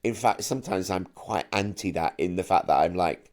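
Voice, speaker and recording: A middle-aged man from Manchester, a camp and animated actor and singer who often stammers into his sentences while chatting as an interview guest. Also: low-pitched, normal speed. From Manchester, England. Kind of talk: casual interview chat.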